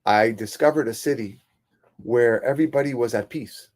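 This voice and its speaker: A man voicing a mysterious old stranger who is secretly the devil, speaking calmly and cryptically in a told sermon story. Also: medium pitch, moderate pace, natural voice. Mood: ominous.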